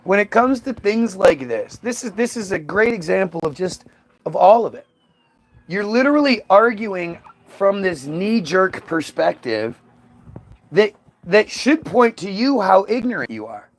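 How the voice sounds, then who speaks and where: Scornful, gravelly-voiced man ranting. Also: sits high, sing-song, a little slow. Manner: scornful, profane, repeats words. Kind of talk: casual ranting monologue.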